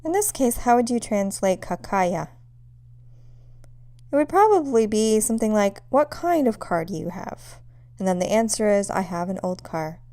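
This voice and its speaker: A young adult woman teaching a language lesson, speaking in a clear, measured way and saying example sentences slowly. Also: medium pitch, sing-song, warm tone, no echo. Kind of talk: scripted lesson narration.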